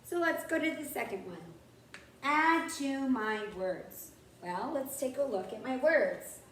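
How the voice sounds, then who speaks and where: A woman's voice: high-pitched, animated, measured pace, a little hiss or hum. A woman kindergarten teacher giving a writing lesson to young children, patiently sounding out words. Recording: roomy, from far off the mic, faint background ambience.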